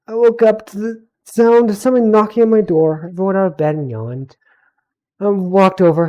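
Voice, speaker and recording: A man's voice: high-pitched, normal speed, warm tone. A young man reading his own fantasy story aloud on a live stream, stumbling over words and correcting himself as he goes. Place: home streaming setup.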